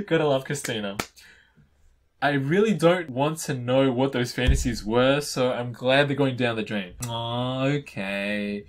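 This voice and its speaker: A man's voice: mid-range voice, unhurried, slight background noise. A young man reading fan fiction aloud on camera, gushing and playfully reacting between passages. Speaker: YouTuber.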